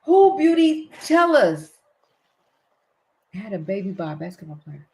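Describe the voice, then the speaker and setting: An older woman with a Southern US accent, hosting a casual late-night live-stream chat, excitable and quick to laugh. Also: mid-range voice, reverberant, low-quality recording. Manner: chatty, excitable, laughs easily. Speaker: livestream host.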